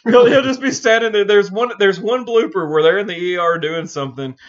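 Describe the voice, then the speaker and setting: A man chatting casually as a podcast co-host, rambling and swearing, halting often to search for words. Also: high voice, lo-fi sound. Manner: rambling, profane, halting with many fillers. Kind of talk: casual chat.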